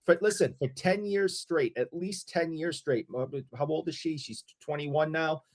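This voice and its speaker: Excitable middle-aged man telling stories. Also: a little high, normal speed. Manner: storytelling, excitable, repeats himself. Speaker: podcast co-host. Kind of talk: casual chat.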